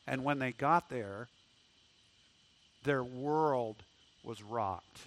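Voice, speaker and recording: A man preaching a sermon, swinging from loud rising questions to hushed, low tones, often repeating words as he restarts. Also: extremely slow. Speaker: pastor.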